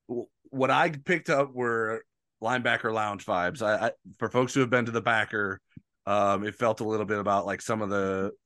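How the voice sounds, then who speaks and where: A man hosting a sports talk show, chatty and hesitant, quick to laugh at himself. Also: on the low side, a bit bright, no room sound, studio quality. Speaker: podcast host.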